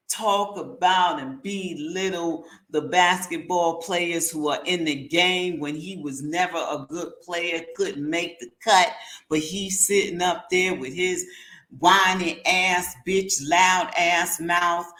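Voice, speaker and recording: Brief: woman host, slow-paced heated commentary, roomy echo. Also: lowish voice, fairly bright tone. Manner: blunt, heated and slangy. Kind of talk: opinionated commentary monologue. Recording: echoey room.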